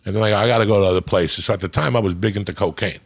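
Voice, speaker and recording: Guy in his middle years, raspy husky voice, cussing his way thru a story. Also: on the low side, racing. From New Jersey. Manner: profane, animated storyteller. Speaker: podcast guest. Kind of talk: casual storytelling.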